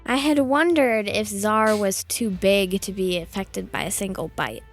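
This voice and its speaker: A woman's voice: mid-range voice, faint music behind. A woman playing in a tabletop game, hesitant and often laughing as she answers. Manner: slow, hesitant, giggly. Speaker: player.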